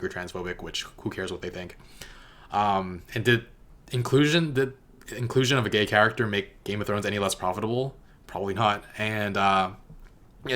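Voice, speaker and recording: A man's voice: fairly low pitch, a bit bright. A man giving a casual spoken review of a TV episode, rambling and hesitant with many fillers and self-corrections. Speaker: TV reaction reviewer.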